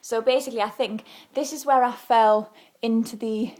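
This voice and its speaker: A young British woman telling a story in a casual home vlog, chatty and animated, acting out what she said. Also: on the high side, normal speed. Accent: British English. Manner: chatty, animated, acts out her own past words. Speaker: vlogger. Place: home, indoors.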